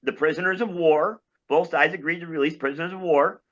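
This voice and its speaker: A man's voice: on the high side, fairly even intonation, a little fast, a bit bright. A man in a heated group discussion, arguing and talking over others on a dull lo-fi call. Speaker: call-in participant.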